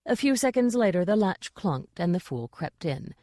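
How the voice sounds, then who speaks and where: A woman's voice: on the low side, sing-song, moderate pace, warm tone, no echo, clean studio sound. A woman reading a fantasy novel aloud as audiobook narrator. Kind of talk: scripted narration.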